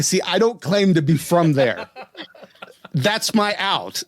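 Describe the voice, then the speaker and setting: A man's voice: high-pitched, sing-song, slow. A man from West Virginia hosting a podcast, chatting casually and amusedly, spelling words out letter by letter. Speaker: podcast host. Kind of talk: casual chat.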